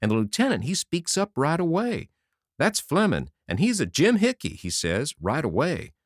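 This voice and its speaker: A man doing an excitable young soldier gossip. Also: a little high, moderate pace, dry recording, clean studio sound, voice pushed up. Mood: eager bragging. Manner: breathless, rambling storytelling in folksy slang.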